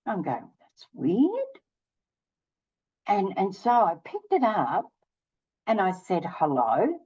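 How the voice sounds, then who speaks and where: An older woman running her own channel casually recounts a personal story, playing both parties in each exchange. Her medium-pitched voice swings hugely in pitch, moves slowly, and sounds darkish and husky, with the highs cut off.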